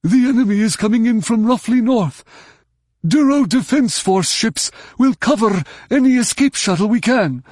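A man voicing an alien defense officer who shouts urgent evacuation orders. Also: very high-pitched, expressive, moderate pace, no room sound, clean studio sound, pitched above the performer's own voice.

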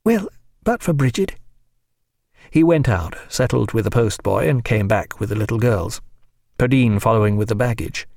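A man narrating a novel in a measured, even audiobook reading. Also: lowish voice, vocal fry, dry recording, studio quality. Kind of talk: scripted narration.

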